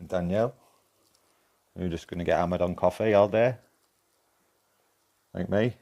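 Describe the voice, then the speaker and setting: A man's voice: deep voice, measured pace, dark tone. A man with a broad Yorkshire accent chatting casually with viewers while streaming a game, swearing freely and bantering. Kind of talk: casual live-stream chat.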